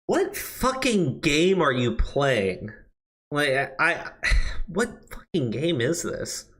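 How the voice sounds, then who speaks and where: A man's voice: on the high side, very animated, slow, a bit bright. A man ranting on a live stream from his office, swearing a lot and stammering through restarts. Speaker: streamer and commentator. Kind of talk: profane live-stream commentary. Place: new office.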